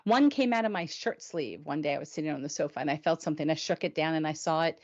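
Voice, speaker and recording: A woman's voice: low voice, quick pace. Chatty woman host, lo-fi sound. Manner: animated and chatty. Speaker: show host. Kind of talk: casual weekly review chat.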